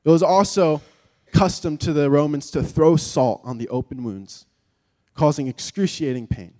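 A man preaching with a somewhat high voice, dramatic and vivid, pressing hard on key words and then falling to near a whisper. His voice rings out with a long reverb, as in a large church hall. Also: moderate pace. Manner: vivid, dramatic, swings from loud emphasis to hushed tones. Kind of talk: sermon.

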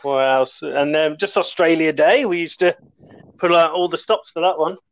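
A man, a podcast guest, chatting in a relaxed way with frequent ums. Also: a little high, normal speed. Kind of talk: casual podcast chat. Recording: dull lo-fi call audio.

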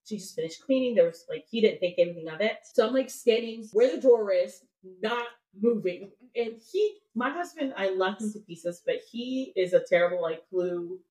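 Woman guest, chatty storytelling, lots of fillers, set back from the mic, mid pitch. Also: normal speed, hardly any pauses, recorded from a distance, poor audio. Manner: animated, lots of "like" fillers, acts out her own thoughts. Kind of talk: storytelling in a podcast interview.

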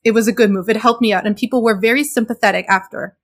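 A woman's voice: on the high side, fairly even intonation, quick pace. A woman from Montreal hosting a podcast, talking in a thoughtful, casual way. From Montreal, Canada. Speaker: podcast host.

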